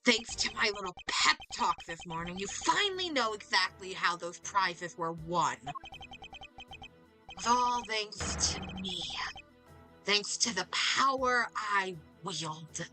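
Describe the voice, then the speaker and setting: A woman's voice: medium pitch, expressive, slow, music in the background. A woman voicing a pompous, scheming older male villain, reading game dialogue aloud with a sneering, condescending manner.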